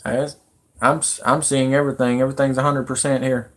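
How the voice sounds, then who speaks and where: A man in his thirties talks on a live stream in a loose, rambling way. His voice sits at an ordinary middle pitch, and he keeps working himself up into agitated, shouty bursts. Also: level tone, fairly quick.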